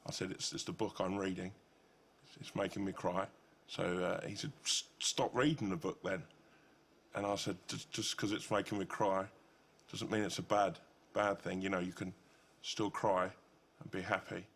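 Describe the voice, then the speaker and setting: A man in the audience stammers awkwardly through what he wants to say, with a low voice. His tone is gravelly and husky. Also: little pitch movement, normal speed, a bit bright. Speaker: audience member.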